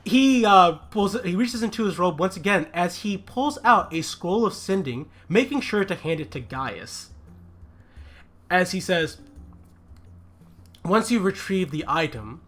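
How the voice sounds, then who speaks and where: A male game master narrates a tabletop role-playing session. His bright, high voice swoops widely as he sets the scene with animated storytelling, and he drops in fillers as he goes. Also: unhurried, faint music behind.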